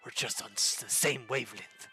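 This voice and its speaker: Cheesy would-be romancer, soft and hammy, bright tone , a man putting him on. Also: medium pitch, fairly quick, faint music behind, lightly acted. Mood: romantic. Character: cheesy smooth-talking man on a dating site.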